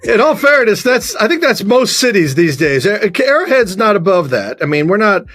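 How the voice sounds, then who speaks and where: A man telling stories on a podcast, animated, acting out the voices of people in them. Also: high voice, a little fast, no room sound. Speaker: podcast guest. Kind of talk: casual storytelling.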